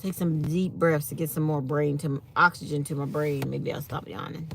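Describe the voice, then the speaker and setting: Sleepy woman just chatting w her viewers, kinda low and gravelly, reads comments out. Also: fairly even intonation, normal speed, a little hiss or hum. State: tired and yawning. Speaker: channel host. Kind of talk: casual morning chat to viewers.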